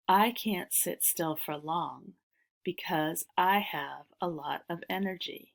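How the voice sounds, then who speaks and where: A woman reading dictation sentences, slow and careful, repeating each one. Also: lowish voice, creaky. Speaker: dictation reader.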